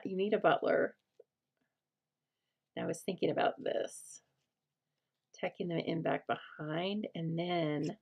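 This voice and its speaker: A middle-aged woman with an American accent chats casually while she crafts, thinking aloud. Her voice sits a little low and carries a gravelly fry, and she often sinks into a quiet murmur as she concentrates. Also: dull audio. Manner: chatty, thinks aloud, drops to a soft murmur while working. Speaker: craft host.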